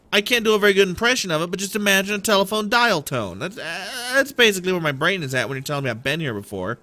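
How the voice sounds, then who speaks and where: Male streamer, bright and lively, rambling self-mocking play-by-play. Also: sits high. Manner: rambling, playful, self-deprecating. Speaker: game streamer. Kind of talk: casual gameplay commentary.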